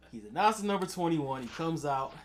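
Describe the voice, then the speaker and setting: A man co-hosting a casual chat, easygoing and quick to laugh. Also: on the high side, expressive, a little hiss or hum.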